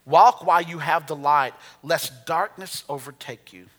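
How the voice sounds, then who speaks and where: Pastor, storytelling sermon, bright voice, reverberant hall. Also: male voice, fairly high pitch, measured pace. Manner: storytelling with humor, conversational.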